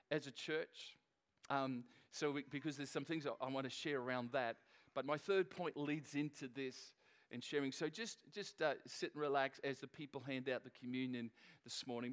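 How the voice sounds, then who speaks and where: A middle-aged man with a slightly high, somewhat bright voice preaches as pastor at a church service. He jokes around and speaks conversationally, regularly breaking off and restarting his sentences.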